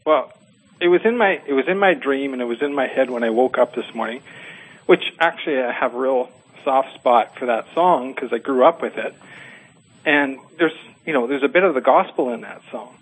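A man, calling in to a show and chatting casually, halting with fillers and restarts. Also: mid-range voice, husky, low-quality recording. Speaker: caller. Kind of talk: casual phone-in chat.

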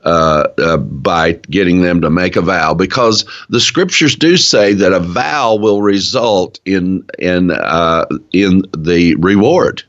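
Slow deep-voiced East Tennessee man. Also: a bit bright. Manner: earnest, drawn-out preaching cadence with restarts. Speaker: Bible study co-host. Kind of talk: casual Bible study discussion. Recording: dull lo-fi sound.

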